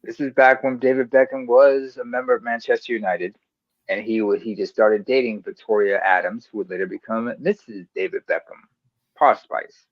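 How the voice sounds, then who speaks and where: A male podcast co-host in casual sports chat, telling animated stories and drifting onto tangents. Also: medium pitch, moderate pace, no echo. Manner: animated storyteller, goes off on tangents. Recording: dull, dry lo-fi sound.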